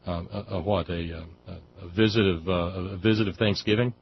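A man's voice: low voice, fairly even intonation, fairly quick, vocal fry, lo-fi sound, a little hiss or hum. A man hosting a casual radio talk show, speaking with lots of fillers and dry jokes. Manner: drawling, filler-heavy, jokey. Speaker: radio host.

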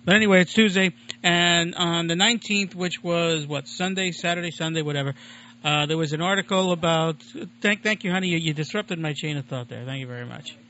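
A man's voice: on the high side, brisk, pushed and bright. A man hosting his own home-made radio show, talking in a chatty, digressive, self-deprecating way. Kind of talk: casual rambling monologue. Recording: lo-fi muffled recording.

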